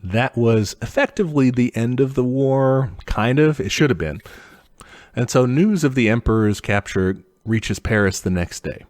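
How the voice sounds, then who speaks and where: A young man co-hosting a podcast, telling history in a loose, profane way and putting on quick mock voices for the people in it. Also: medium pitch, a little mellow. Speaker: podcast co-host. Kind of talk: casual history chat.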